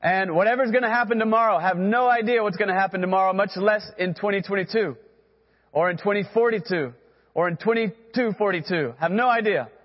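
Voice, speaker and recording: A man's voice: high-pitched, fairly quick, long reverb tail, highs cut off. A man preaching a sermon as pastor, earnest and direct, who has the congregation repeat phrases after him.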